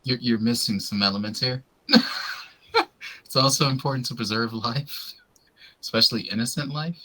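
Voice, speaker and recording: A man playing in a tabletop game, speaking as his character in a measured way. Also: mid-range voice, pushed and bright, low-quality recording. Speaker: player.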